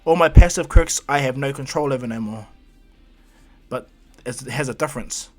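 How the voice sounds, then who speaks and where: Man reading a calm young hero, husky, matter-of-fact, storybook telling. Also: medium pitch, moderate pace, faint music behind, natural voice. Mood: explaining. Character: calm young male hero with many powers.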